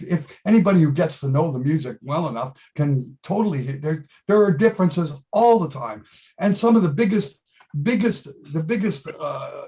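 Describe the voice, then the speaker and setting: A middle-aged man, a musician guest in a casual interview, talking emphatically, repeating himself and swearing freely. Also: on the high side.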